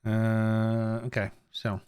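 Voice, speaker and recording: A man's voice: lowish voice, monotone, very slow, darkish tone, clean tone. A young adult man from Bulgaria chatting casually with his live stream viewers, stammering through restarts, swearing freely and greeting chatters by name.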